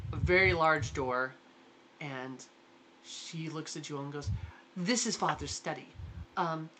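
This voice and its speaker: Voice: medium pitch, sharp tone, a little hiss or hum. A game master narrating a tabletop role-playing game in a rambling way, full of fillers and restarts. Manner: rambling, lots of likes and restarts.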